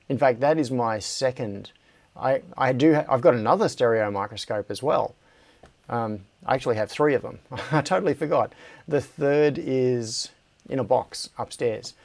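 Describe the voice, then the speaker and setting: An Australian man hosts a relaxed livestream from his workshop, reading viewer comments aloud between his own musings. He speaks slowly at a middle pitch, often trailing off mid-sentence and laughing to himself. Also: creaky. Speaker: livestream host.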